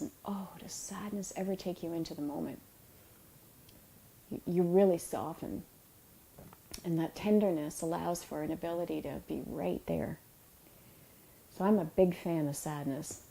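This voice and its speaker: A middle-aged woman, an author, giving a reflective talk about emotions in a soft, unhurried and tender way, with pauses. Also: fairly low pitch, vocal fry, low-quality recording. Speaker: author and yoga teacher.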